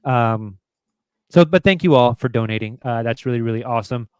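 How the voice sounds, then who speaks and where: A man's voice: medium pitch, brisk, smooth, no echo. A man hosting a sports podcast, chatting casually, joking and reading sponsor spots. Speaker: podcast host. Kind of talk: casual chat.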